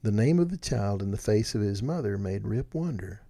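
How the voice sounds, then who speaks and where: A man narrating a storybook in an expressive, animated reading. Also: fairly low pitch, moderate pace, gravelly, husky.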